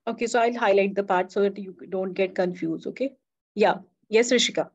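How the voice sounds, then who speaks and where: A woman's voice: mid-range voice, fairly even intonation, fairly quick. A woman teaching a reading class online, encouraging her students and checking that they can be heard. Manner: encouraging, many soft "hmm" acknowledgements. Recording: dull, lo-fi online call audio.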